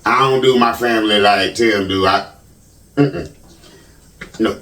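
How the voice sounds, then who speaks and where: A man's voice: fairly low pitch, measured pace, bright, forceful tone. A man hosting a casual talk show, greeting viewers by name as comments are read and reacting with easygoing laughter. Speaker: host. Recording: echoey room, mic at a distance.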